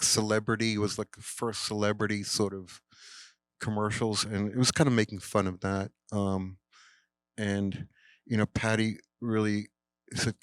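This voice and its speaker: Speaking at a live Q&A in a cinema, this older man, a film director, spins a meandering story packed with fillers and impersonated voices. His pitch is fairly low, his tone clean, and there's no echo.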